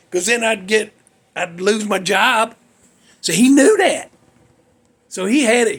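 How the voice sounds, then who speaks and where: A man's voice: extremely high pitch, slightly rough. A man hosting a show, telling a workplace story in a folksy, salty, worked-up way. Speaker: host. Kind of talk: casual storytelling monologue.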